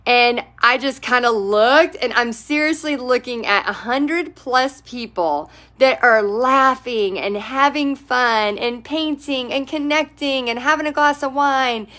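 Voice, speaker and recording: Brief: woman painting instructor, high voice, chatty and encouraging live-stream host. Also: a little slow, bright, forceful tone. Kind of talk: casual live-stream chat.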